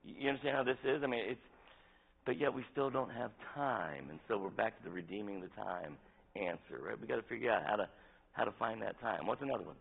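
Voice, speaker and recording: A man's voice: on the low side, animated, fast talker, gravelly, slightly rough. A man preaching an interactive sermon as pastor, talking in a conversational way and asking the congregation questions. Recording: tinny phone-like sound.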